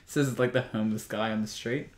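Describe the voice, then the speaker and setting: A teenage boy co-hosting a casual podcast chat, animated and quick to joke. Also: fairly low pitch. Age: teens. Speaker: podcast co-host. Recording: echoey room with audible noise.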